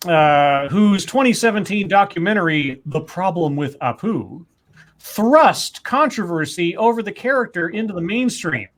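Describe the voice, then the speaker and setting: A man's voice: sits high, animated, measured pace. A man co-hosting a podcast, reading out news stories and quotes with frequent fillers and casual commentary.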